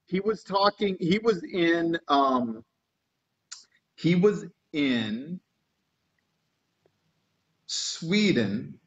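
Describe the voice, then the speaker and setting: A man with a high, husky voice co-hosts a casual live chat. He tells stories in an animated way and keeps restarting his sentences, and his audio comes through dull and lo-fi. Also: drawn-out words, long pauses. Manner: animated storyteller, restarts often. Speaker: co-host.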